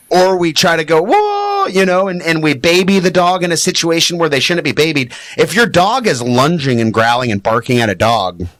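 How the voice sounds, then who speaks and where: A man talking as a dog trainer guest on a studio podcast, animated and explaining with acted-out examples. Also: no echo. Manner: animated, acts out high excited voices when quoting owners. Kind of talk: podcast interview.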